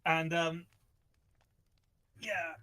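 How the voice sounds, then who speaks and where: A man's voice: on the high side, steady tone, extremely slow, pushed and bright. A man hosting a casual book chat, rambling with many fillers and restarts. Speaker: podcast host discussing a book.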